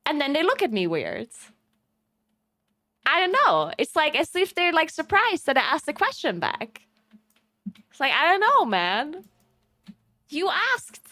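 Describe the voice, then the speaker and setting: A woman's voice: high-pitched, measured pace, pauses often, dry recording, clean studio sound. A young woman from Italy, a streamer, chatting casually with viewers and telling stories with a lot of laughter. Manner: animated storytelling, laughs often.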